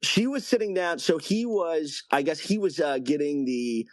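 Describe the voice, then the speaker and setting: Caller, 20s man, rambling and halting story, dry close sound. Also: a little high, lively intonation, no echo. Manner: rambling, halting, with many restarts. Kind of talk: casual call-in storytelling.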